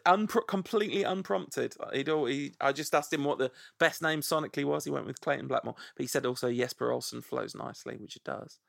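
Man, podcast host, gravelly voice, dry close sound, playful casual chat. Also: medium pitch, fairly quick, hardly any pauses, fairly bright tone, no room sound. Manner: playful, relishes saying names aloud.

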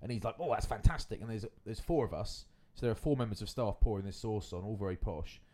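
A man's voice: on the low side, fast talker, warm tone. A man, hosting a podcast and telling rambling stories in casual chat. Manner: rambling anecdotal storytelling. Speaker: podcast host.

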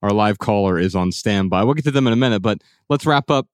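A man's voice: fairly low pitch, fast talker, clear, resonant tone, dry recording, studio quality. A man hosting a podcast who talks in an upbeat, teasing way. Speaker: podcast host. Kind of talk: casual podcast chat.

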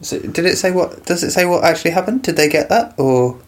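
A woman co-hosting a podcast, throwing in dry deadpan quips in casual chat. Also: lowish voice, brisk. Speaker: podcast co-host.

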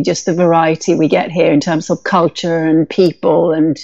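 A woman's voice: deep voice, normal speed, creaky, few pauses, a little mellow. British-accented woman, muffled remote audio. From Sweden. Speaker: guest author. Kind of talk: podcast interview.

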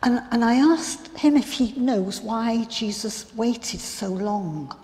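A woman playing a grieving biblical sister in a first-person dramatic monologue, telling her story in an earnest, reflective, halting way. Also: fairly high pitch, a little mellow. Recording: long hall reverb.

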